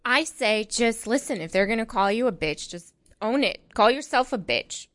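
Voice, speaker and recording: A woman interviewing a guest in a casual chat, encouraging and quick to laugh. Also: fairly high pitch, lively intonation, fairly bright tone.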